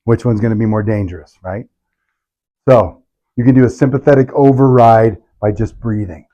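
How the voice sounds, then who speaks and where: A man's voice: fairly low pitch, normal speed, dark tone. A middle-aged man, a chiropractor, leading a live workshop with punchy talk, sarcastic asides and constant rhetorical questions.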